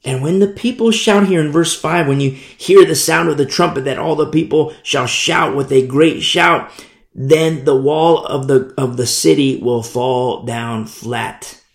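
A man's voice: a little high, measured pace, creaky, roomy sound. A man preaching a Bible sermon in an emphatic, rhetorical way, often asking "you see?".

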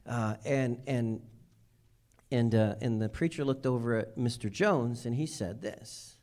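A man preaching a sermon to his congregation in a church, casual and conversational, building to emphatic peaks. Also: fairly high pitch. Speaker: pastor. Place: church sanctuary.

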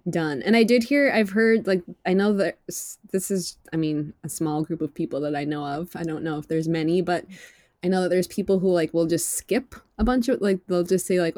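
A young woman chatting casually about books, animated and full of "like" fillers. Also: on the low side, moderate pace, no echo, clean studio sound. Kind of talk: casual chat.

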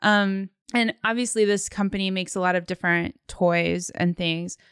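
A woman's voice: mid-range voice, fairly even intonation, moderate pace, a bit bright, clean tone, no echo, clean studio sound. A woman co-hosting a movie podcast in casual chat, giggly and rambling with many fillers. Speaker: podcast co-host.

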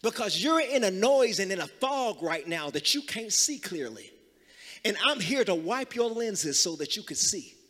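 A man pastor preaching a sermon, calling the congregation to repeat after him and building to loud, emphatic passages. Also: high voice, sing-song, normal speed, in a large hall. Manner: call-and-response preaching, rising to loud emphasis. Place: church sanctuary.

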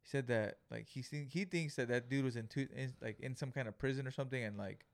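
A young man from California tells a story on a podcast with lots of swearing and plenty of life, voicing each person he talks about. His voice sits at an ordinary male pitch. The recording is close and dry, with no room sound. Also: fast, creaky, no room sound. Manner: animated, profane storytelling, acts out the people in the story. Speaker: podcast co-host. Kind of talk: casual storytelling chat.

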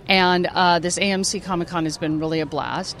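A woman's voice: on the low side, fairly even intonation, a little fast, a bit bright, slight background noise. A woman voice actress being interviewed outdoors at a convention, chatting and laughing, acting out quotes as she tells stories. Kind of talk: casual interview chat.

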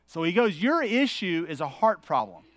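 A middle-aged pastor preaches in a candid, conversational manner, mixing stories from his own day into the sermon. His voice sits high for a man. The recording is dry and close, with almost no room sound. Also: big pitch swings, normal speed, a bit bright, no echo.

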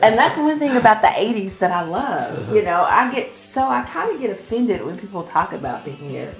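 A woman in a casual chat, lively and laughing. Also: medium pitch, fairly quick, vocal fry, echoey room, soft background music, low-quality recording. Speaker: guest.

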